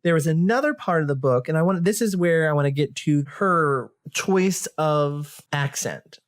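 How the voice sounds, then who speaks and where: A woman's voice: low-pitched, lively intonation, moderate pace. A woman co-hosting a casual chat about audiobooks, often agreeing and acting out quotes. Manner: chatty, agreeable, acts out quotes while discussing. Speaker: podcast co-host reviewing audiobooks.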